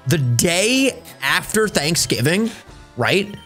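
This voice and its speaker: A man co-hosting a gaming video, talking in a joking, animated, playful way. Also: high-pitched, slow pace, faint music behind. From Italian-American. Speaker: gaming co-host. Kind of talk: casual gaming chat.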